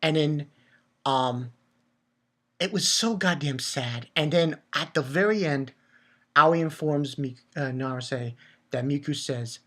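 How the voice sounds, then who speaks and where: Excitable man recapping an anime episode. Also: fairly high pitch, slow. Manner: excitable and profane, with stumbling repeated words. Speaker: anime reviewer.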